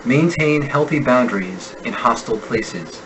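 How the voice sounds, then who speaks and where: American male accent coach, mid pitch, careful clear drill reading for a lesson. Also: animated, dull audio, background noise. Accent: General American. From United States. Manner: slow, deliberate enunciation of sample words. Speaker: accent instructor. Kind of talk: reading example sentences in a pronunciation lesson.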